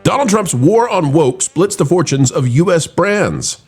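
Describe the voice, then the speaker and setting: A man's voice: very animated, measured pace, darkish tone, breathy edge, faint music behind. A middle-aged man hosting an opinionated commentary show, talking in a sarcastic, mocking way. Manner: dramatic swings between high and low voice.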